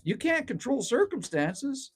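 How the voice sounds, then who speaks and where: A man's voice: extremely high pitch, very animated, a little slow, husky. A middle-aged man hosting a casual livestream from a cabin, rambling and ranting, reading out viewer comments and swearing freely. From Canada. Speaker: livestream host. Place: outdoors at a cabin. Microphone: phone livestream.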